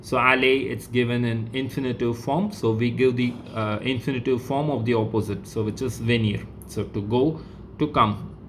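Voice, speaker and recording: A man with an Indian English accent teaching a French lesson, explaining slowly and repeating words often. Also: mid-range voice, steady tone, slight background noise. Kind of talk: classroom lesson.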